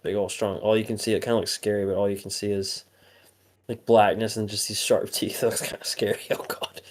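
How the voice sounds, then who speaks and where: A man's voice: fairly low pitch, little pitch movement, fairly quick. Rambling, swearing young man. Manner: swears often, rambling with many fillers. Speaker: podcast co-host. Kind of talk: casual podcast chat.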